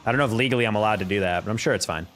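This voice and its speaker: A young man from New York casting a live esports match, calling plays quickly and chatting with his stream viewers in between. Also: on the low side, slight background noise. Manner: rapid play-by-play that jumps up in excitement, chatting with viewers between plays. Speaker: esports caster. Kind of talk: live-streamed play-by-play commentary with chat.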